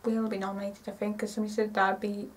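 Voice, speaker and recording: A woman in her twenties chatting casually to camera in a rambling, excitable way, often correcting herself. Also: mid-range voice, fast talker, far from the mic, low-quality recording. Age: 20s. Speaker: vlogger.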